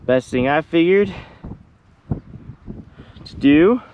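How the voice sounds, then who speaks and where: A high-voiced man from Kansas talks viewers through his farm chores in a relaxed vlog manner, a little out of breath as he walks. Strong wind noise batters the camera mic outdoors. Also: slow, highs cut off. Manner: relaxed, talks to viewers while walking a field. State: out of breath with hiccups. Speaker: farmer vlogger. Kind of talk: casual vlog narration while working. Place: outdoors on a windy farm field.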